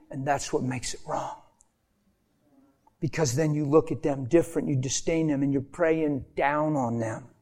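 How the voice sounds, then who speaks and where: A man's voice: fairly high pitch, a little mellow. A man preaching an impassioned sermon, repeating phrases for emphasis and dropping to a near whisper. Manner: emotional, with rhetorical repetition and sudden drops to a near whisper.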